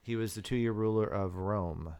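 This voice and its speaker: A man's voice: lowish voice, moderate pace, darkish tone, clean tone, no echo. A man co-hosting a podcast in casual movie chat, easygoing, with many fillers and frequent laughs. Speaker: podcast co-host.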